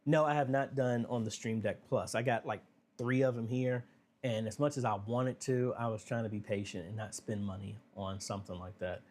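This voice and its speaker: A man hosting a casual live Q&A, talking through viewer questions in a relaxed, conversational way with plenty of fillers. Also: on the low side, slight background noise. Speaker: livestream Q&A host. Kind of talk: casual livestream Q&A.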